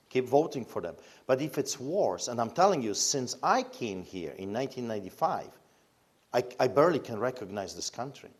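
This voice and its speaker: A Polish-accented man speaks as a pastor in an interview, his voice sitting at an ordinary middle pitch. He talks with fiery emphasis and drives his points home with rhetorical questions. The delivery is impassioned and direct. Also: slightly rough. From Poland.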